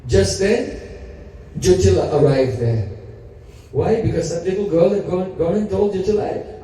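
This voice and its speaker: A man preaching by retelling a sacred story, pausing to quiz his listeners. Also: sits high. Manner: animated storyteller, quizzes audience. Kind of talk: storytelling sermon. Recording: echoey hall, mic at a distance.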